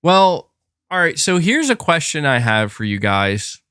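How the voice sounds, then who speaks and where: A man's voice: fairly high pitch, sing-song, measured pace, bright, forceful tone, smooth, no room sound, clean studio sound. A man streaming and chatting with his viewers in a casual, rambling way, with many fillers and restarts. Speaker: streamer reading chat. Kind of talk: casual livestream chat.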